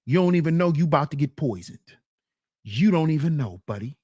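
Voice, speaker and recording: A woman's voice: sits low, lively intonation, a little fast, dark tone, husky. A woman hosting a reaction commentary channel, scolding and mocking her viewers and repeating lines for emphasis. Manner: slips into mock voices of the men she criticizes.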